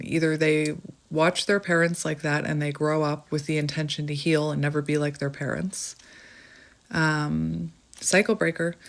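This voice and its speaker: A woman chatting casually as she gives a tarot reading, laughing often and thinking aloud. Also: low-pitched. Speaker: tarot reader.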